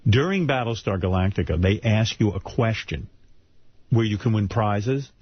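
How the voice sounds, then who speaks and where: A man's voice: fairly low pitch, expressive, moderate pace, breathy edge, dry recording. A man, hosting a radio show in brash, ranting banter. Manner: brash, ranting, mock-incredulous. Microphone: studio microphone. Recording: dull, dry studio broadcast audio.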